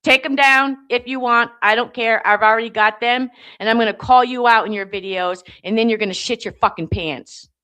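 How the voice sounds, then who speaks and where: Furious woman on a livestream, bright and fairly high, confrontational rant. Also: moderate pace, hardly any pauses. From United States. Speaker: livestream guest.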